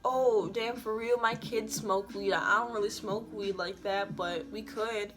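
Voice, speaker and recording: A woman's voice: mid-range voice, fairly even intonation, measured pace, lightly acted. A woman quoting a rambling, pushy man who keeps repeating himself.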